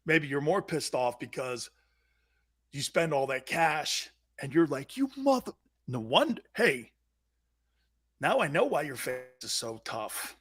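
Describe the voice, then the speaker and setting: Hosting a sports talk show, a high-pitched man rants in an animated, loud and mocking way, slipping into impressions of angry fans. His pace is measured, and his voice carries a breathy edge.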